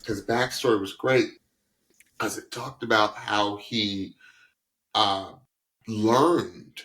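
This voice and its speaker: Animated podcast host with sudden high leaps. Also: male voice, takes it slowly. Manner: animated, leaps into high pitch when excited; takes on a voice teacher's advising tone. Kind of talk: casual chat.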